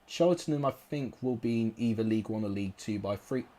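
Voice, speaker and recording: A man's voice: lowish voice, a little fast, mellow. A young man commentating live on his football game, frustrated and exclamatory, cursing at his players. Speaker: gaming YouTuber.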